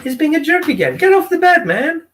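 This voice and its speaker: A man acting out an exasperated dog owner who scolds his dog loudly. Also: very high voice, huge pitch swings, unhurried, pitched above the performer's own voice, full character voice. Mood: angry scolding. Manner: shouting, scolding. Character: exasperated dog owner, male adult, short-tempered.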